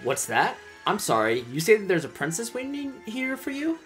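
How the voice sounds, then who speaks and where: A man's voice: sits high, huge pitch swings, normal speed, fairly bright tone, faint music behind, voice pushed up, full character voice. A man voicing a polite, nervous male ship sailor in a game, courteous and fretful.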